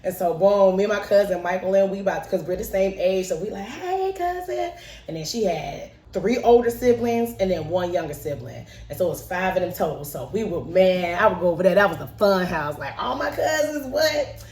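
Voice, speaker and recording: Brief: woman around forty, animated storyteller, roomy room sound with the mic set back. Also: lowish voice, a little fast, distant mic. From Chicago, South Side. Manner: playful, lively, acts out voices and laughs often. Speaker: show creator telling a childhood story. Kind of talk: personal storytelling to camera.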